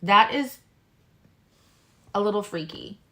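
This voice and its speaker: A woman's voice: mid-range voice, animated, slow, a bit bright. Chatty woman giving live tarot readings. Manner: chatty and rambling, talks to chat viewers. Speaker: tarot reader hosting a live stream.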